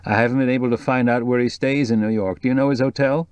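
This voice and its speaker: A man reading the part of a calm reporter who speaks in a kind but firm, soothing way. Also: medium pitch, quick pace, clear, resonant tone, no room sound, pitched above the performer's own voice, close to an everyday voice. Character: kindly, soothing middle-aged male reporter. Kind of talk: audiobook dialogue reading.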